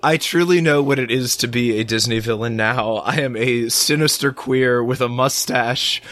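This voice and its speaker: A man hosting a podcast, hoarse from a head cold, talking in a playful, theatrical way. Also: medium pitch, normal speed, fairly bright tone. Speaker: podcast host. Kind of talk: casual podcast chat.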